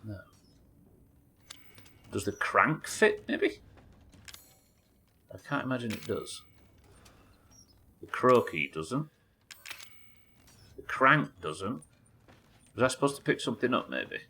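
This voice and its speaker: A man's voice: mid-range voice, sing-song, slow, long pauses, pushed and bright, husky. A British man commenting on a horror game as he plays it live, musing aloud, reading notes and chatting with viewers. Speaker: streamer.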